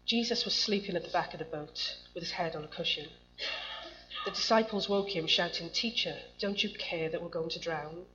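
A woman's voice: on the low side, a bit bright. Woman preaching on a muffled recording. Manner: conversational, asks the congregation questions. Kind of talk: sermon. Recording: muffled lo-fi recording with faint hum.

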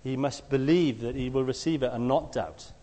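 A man preaches a conversational sermon, telling stories and acting out the quotes, sometimes shouting them loudly. His voice is mid-range at a normal speed, with a long reverb tail on the recording.

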